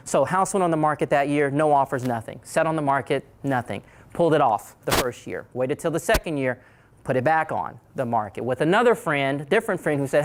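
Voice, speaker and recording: A middle-aged man with an Oklahoma accent, telling his own story to an audience, animated and repeating key phrases for emphasis. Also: on the high side, a little fast, slight background noise.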